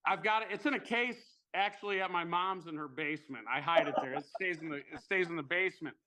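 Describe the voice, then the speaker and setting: A young man telling a long story in casual chat, animated and swearing freely. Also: fairly high pitch, quick pace.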